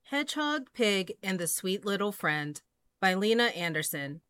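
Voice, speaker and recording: Woman reading kids' picture books, singsongy, bright voice, dry close mic. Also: medium pitch, a little slow, clear, resonant tone, no echo. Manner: expressive, sing-song storybook reading. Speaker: storyteller.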